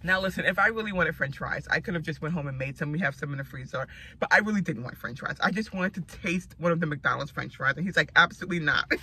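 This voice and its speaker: A woman's voice: deep voice, fast talker, few pauses, sharp tone, slight background noise, poor audio. A woman in her forties vlogging in a casual, rambling way and laughing often. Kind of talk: casual chat.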